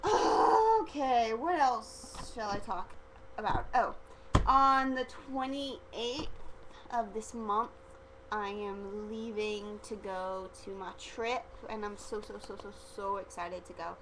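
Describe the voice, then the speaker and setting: A woman's voice: medium pitch, steady tone, takes it slowly, background noise. A teenage girl vlogging casually, rambling and giggly, full of "like" fillers. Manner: chatty and giggly, heavy use of "like" fillers.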